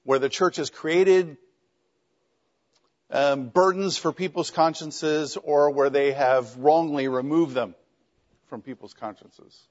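A middle-aged man leads a classroom discussion in a relaxed, joking lecture style, his voice sitting a little high. The recording is dull and lo-fi, as if captured on a basic mic in the room. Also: slow pace. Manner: conversational, wry and joking. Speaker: teacher.

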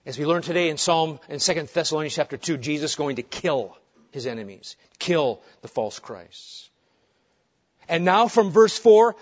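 A man preaching an expository sermon, swinging between booming emphasis and hushed calm. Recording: dull lo-fi sermon recording.

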